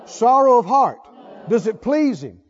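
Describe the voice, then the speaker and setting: A man's voice: very high-pitched, sing-song, a little slow. A male preacher delivering a sermon, firing rhetorical questions and repeating words for emphasis, on a dull lo-fi recording.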